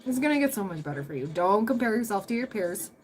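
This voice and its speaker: A woman's voice: mid-range voice, very animated, fast talker, a little mellow, a little hiss or hum, poor audio. Chatty young woman livestreaming. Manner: chatty, laughs often, rambling storytelling. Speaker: tarot livestream host. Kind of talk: casual livestream chat with viewers.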